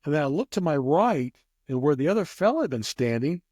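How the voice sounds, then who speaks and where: A man's voice: fairly high pitch, sing-song, brisk, darkish tone, dry recording, studio quality. A man telling a rambling casual story as an interview guest, with many restarts. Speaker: guest, craps player.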